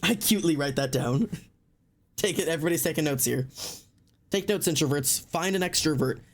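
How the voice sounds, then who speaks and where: A man chatting casually with his live stream audience, excitable and frank, repeating words, saying "like" often and swearing freely. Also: fairly high pitch, brisk.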